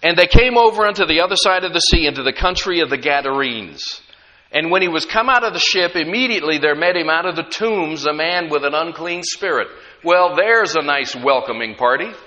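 A man's voice: on the high side, lively intonation, moderate pace, bright, forceful tone, muffled recording. A man preaching a sermon, emphatic and conversational, often asking the congregation questions. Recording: long hall reverb.

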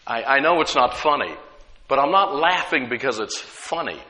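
A man's voice: mid-range voice, expressive, normal speed, pushed and bright, big-room sound. A man preaching a sermon as pastor, conversational, with frequent rhetorical questions to the congregation.

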